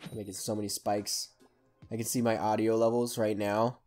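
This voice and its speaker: A man hosting a gaming channel, giving hyper, excitable let's play commentary and yelling at opponents. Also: lowish voice, moderate pace, faint music behind.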